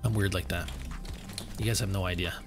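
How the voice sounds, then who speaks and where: A man's voice: deep voice, steady tone, brisk, over loud music. A man streaming live gameplay, chatting casually and answering his viewers' questions while sounding tired. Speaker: game streamer.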